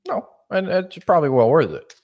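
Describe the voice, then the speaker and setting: A man's voice: a little high, very animated, brisk, highs cut off. A man co-hosting a casual car podcast, bringing up news and swearing indignantly. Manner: indignant, swearing, newsy delivery. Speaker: podcast co-host. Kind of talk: casual profane car chat.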